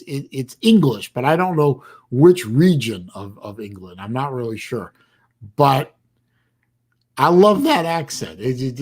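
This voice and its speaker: A man hosting a casual livestream chat, talking in a rambling, halting way with bursts of dry sarcasm. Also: medium pitch. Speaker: livestream host.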